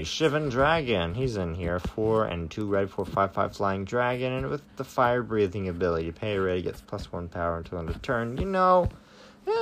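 Excitable man reviewing cards, lower voice. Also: a little hiss or hum. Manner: excitable, flares louder at strong cards, stumbles over words. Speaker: trading card game reviewer. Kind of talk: casual card review monologue.

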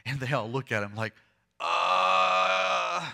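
A man preaching a sermon, retelling a story dramatically, acting out the voices and swinging from hushed to loud. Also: a little high, expressive, normal speed. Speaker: pastor.

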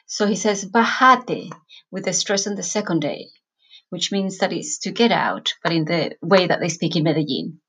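A woman, a Spanish teacher, narrating a lesson, explaining phrases and repeating them slowly. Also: on the low side, husky. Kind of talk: scripted language lesson narration.

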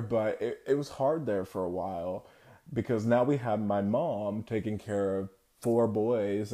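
A young man from the United States telling a personal story to his viewers, candid and reflective, with halting, broken-off phrasing. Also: lowish voice, warm tone. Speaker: vlogger.

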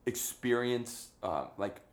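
A young man from Miami chats as a guest, laughing and animated as he tells stories. His mid-range voice carries a roomy echo. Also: mid-range voice, slow pace. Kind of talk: casual chat.

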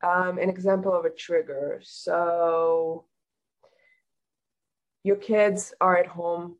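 A woman talking as a hypnotherapist guest in a casual interview, calmly explaining and giving practical advice. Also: on the low side, takes it slowly, highs cut off.

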